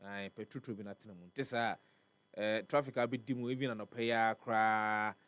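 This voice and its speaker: A man's voice: fairly low pitch, steady tone, fairly quick, fairly bright tone, clean tone, dry recording. A man with a Ghanaian accent hosting a live morning radio show, reading weather and traffic and chatting, repeating words for emphasis. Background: faint music bed.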